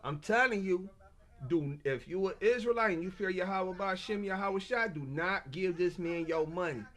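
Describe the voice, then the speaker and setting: A man's voice: high voice, normal speed, fairly bright tone. A man in an agitated casual monologue rant, stammering and repeating himself. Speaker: self-published author.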